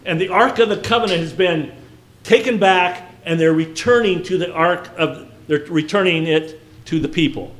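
A man's voice: high voice, normal speed, fairly bright tone, a little hiss or hum. A man giving a casual Bible lesson, talking conversationally and asking his listeners questions. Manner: conversational, asks the listeners questions, frequent restarts. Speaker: Bible teacher.

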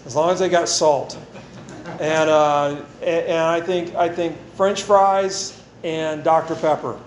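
A man with a fairly high voice preaches in a casual, down-home manner, circling back on his phrases to drive a point home. His words ring through an echoey room over a faint hiss. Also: fairly even intonation, slow pace. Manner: conversational and folksy, repeats phrases for emphasis. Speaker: pastor. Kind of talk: sermon with scripture reading and prayer.

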